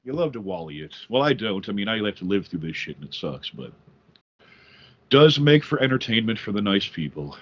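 A man's voice: on the low side, very animated, brisk, fairly bright tone. Profane, laid-back male podcast co-host. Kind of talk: casual comedic storytelling. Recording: dull lo-fi audio, faint music.

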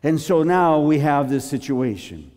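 Theatrical male preacher, lively swooping pitch, long hall reverb. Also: measured pace. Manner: animated, theatrical, joking storyteller. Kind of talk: sermon.

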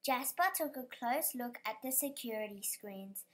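A woman's voice: fairly high pitch, moderate pace. A woman reading a children's picture book aloud, careful and stumbling over some words. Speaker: storybook reader.

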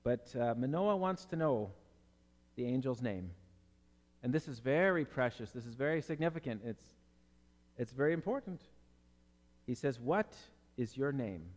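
A man's voice: medium pitch, lively intonation, normal speed, pauses often, darkish tone, in a large hall. A male pastor preaching a sermon in an earnest, conversational way, acting out the people in the Bible story.

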